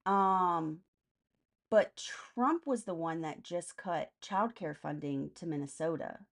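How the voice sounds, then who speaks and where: A woman's voice: fairly low pitch, slow pace, vocal fry. A woman hosting a casual political live stream, answering chat comments by name in a blunt, profane way.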